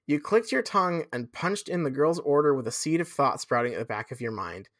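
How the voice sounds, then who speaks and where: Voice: mid-range voice, lively intonation, a little fast, hardly any pauses, fairly bright tone, no echo, studio quality. A podcast host reading fan fiction aloud with dramatic flair, breaking off for sweary asides.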